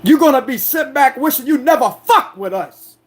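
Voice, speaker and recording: A man delivering an angry, defiant monologue as a tarot reader, confrontational and forceful, repeating himself to drive points home. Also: very high voice, animated, a little fast. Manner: loud, forceful, aggressive delivery.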